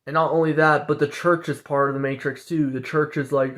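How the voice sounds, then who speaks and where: A man's voice: flat delivery, fairly quick, few pauses, fairly bright tone. A man ranting casually to his viewers, repeating points over and over and ending phrases with "okay?" and "guys.". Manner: repetitive, says "okay?" and "guys" after most points; mocks others in higher put-on voices. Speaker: vlogger. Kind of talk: casual rant to camera.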